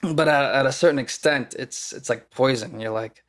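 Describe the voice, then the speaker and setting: A man's voice: medium pitch, normal speed, a bit bright. A young man from the US Midwest, an actor talking casually as a podcast guest, rambling with many fillers and restarts. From Kenosha, Wisconsin, US Midwest. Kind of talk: casual conversation.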